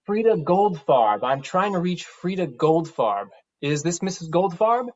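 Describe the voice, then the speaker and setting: An actor doing a smooth celebrity who rhymes every line, slangy and breezy, mid-pitched voice, dull lo-fi sound, stage play. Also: big pitch swings, measured pace, darkish tone. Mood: charming. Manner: talks in rhymes. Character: impression of a famous composer, rhyming street-style talk.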